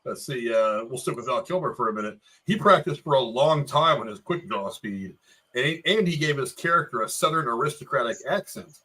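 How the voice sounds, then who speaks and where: A man's voice: mid-range voice, lively intonation, fairly quick, sharp tone, breathy edge, low-quality recording. A man co-hosting a casual movie review chat, rambling a bit and laughing often. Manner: rambling, laughing, restarts a lot. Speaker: podcast co-host.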